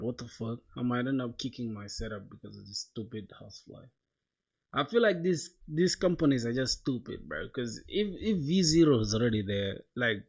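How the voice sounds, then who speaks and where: On lo-fi audio, a young man with a mid-range voice codes on a livestream. He banters loosely with his viewers, leaning on slang and calling everyone "bro."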